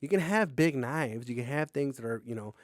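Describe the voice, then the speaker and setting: A man's voice: medium pitch, animated. A man hosting his own podcast alone, telling a long story in a rambling, profane, joking way. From Mexican-American. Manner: rambling, profane, joking, quick swings in loudness. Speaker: podcast host. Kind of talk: casual solo storytelling. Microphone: camera on a desk, seen on video.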